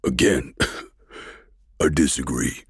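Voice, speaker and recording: A man voicing a dying military colonel who taunts his killer in a rasping voice. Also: low voice, lively intonation, slow, dry recording, studio quality, pitched above the performer's own voice, full character voice. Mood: taunting.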